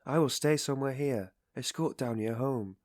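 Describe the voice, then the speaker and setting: A fretful, tearful middle-aged mother, read by a male narrator pitches her voice well up and pleads in an anxious rush. She sounds close and dry, with no room around her. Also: normal speed, a little mellow, dry recording, natural voice. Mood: anxious pleading.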